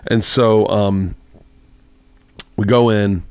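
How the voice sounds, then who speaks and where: A man's voice: on the low side, steady tone, very slow, a little mellow, smooth, no echo. A man hosting a podcast, telling a long, rambling anecdote in casual chat and acting out the voices of the people in it. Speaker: podcast host. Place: home studio room.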